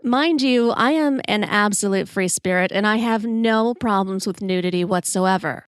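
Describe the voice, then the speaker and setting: Expressive forties woman storyteller, self-deprecating humor, mid pitch, dry close sound. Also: moderate pace, clean tone, dry recording. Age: 40s. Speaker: podcast host. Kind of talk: solo storytelling podcast.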